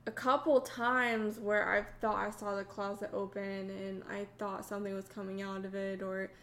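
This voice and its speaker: A woman's voice: mid-range voice, level tone, normal speed, a bit bright. A woman co-hosting a podcast, chatting casually and often cutting in to tell her own side. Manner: interrupts and talks over the others. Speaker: podcast co-host, Army veteran. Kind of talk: casual chat.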